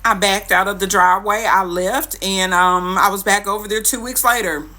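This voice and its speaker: A young woman telling a dating story to camera in a sassy, animated way, acting out the quotes. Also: medium pitch, normal speed. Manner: animated, sassy, dramatic quoting.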